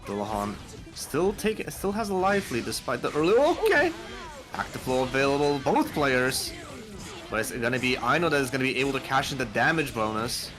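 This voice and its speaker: A young man calling a fighting game match live, excitable and quick to jump up at big moments. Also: medium pitch, music in the background. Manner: excitable, calls plays, swings up to near shouts. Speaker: esports play-by-play commentator.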